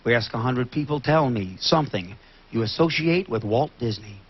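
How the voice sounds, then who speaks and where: A man hosting a TV game show, brisk and joking, repeating answers aloud. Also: medium pitch, lively intonation, husky. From Kentucky. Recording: dull lo-fi TV studio recording with loud audience.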